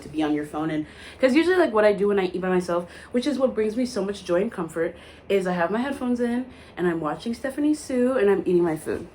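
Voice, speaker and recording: A young woman vlogging to camera, recounting a story with big swings in pitch and lots of drama. Her voice sits in a middle register but leaps up and down as she acts out the moment. She talks casually, peppering her lines with likes and quick asides. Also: a little mellow, a little hiss or hum. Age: young adult.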